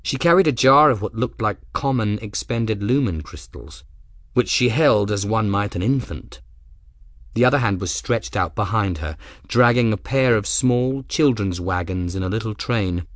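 A male audiobook narrator with a low voice that moves expressively through the sentences. The sound is dry and close, with no room in it. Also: lively intonation, normal speed, no room sound. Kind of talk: scripted narration.

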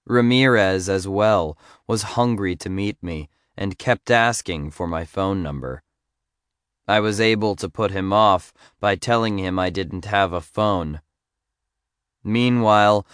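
A man narrating a memoir audiobook in a measured, earnest way on a close studio mic. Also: on the low side, fairly bright tone, clean tone, no room sound.

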